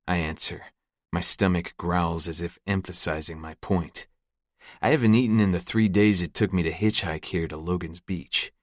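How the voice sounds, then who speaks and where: A man's voice: low voice, normal speed, no room sound. A man narrating a gritty first-person audiobook in a close, scripted read. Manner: gritty, profane storytelling.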